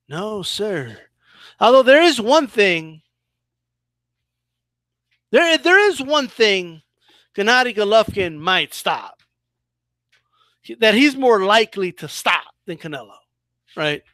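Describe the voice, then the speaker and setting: A man hosting his own boxing channel, giving casual, animated commentary with a mocking edge and frequent restarts. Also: high-pitched, slow pace, pauses often, dry recording.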